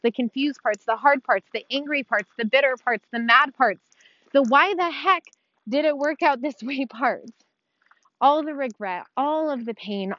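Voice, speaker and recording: A woman's voice: sits high, fairly bright tone, no echo, muffled recording. A woman telling her own story of abuse and recovery in a heartfelt monologue, earnest and emotional, talking straight to her viewers with small laughs. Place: outdoors on a dirt road.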